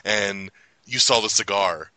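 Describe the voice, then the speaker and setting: A man hosting a casual movie review podcast, excitable, laughing often and acting out quotes in a raised voice. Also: on the low side, unhurried, dry recording, poor audio. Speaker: podcast host.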